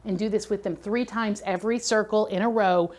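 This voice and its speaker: A woman's voice: mid-range voice, steady tone, brisk, a little mellow. A middle-aged woman giving a preschool teacher training lecture, chatty and conversational, checking in often with her listeners. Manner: conversational, checks in with "okay?" and "right?".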